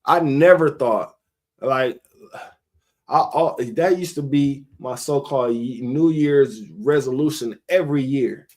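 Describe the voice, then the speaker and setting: A man's voice: medium pitch, measured pace, darkish tone. Rambling, laughing man preaching casually. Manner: rambling, conversational, laughs often. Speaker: member of a street religious group.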